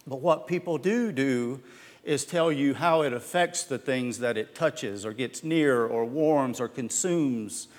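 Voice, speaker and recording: A man's voice: medium pitch, measured pace, long reverb tail. A man preaching a sermon as pastor, earnest and emphatic, often restarting his words.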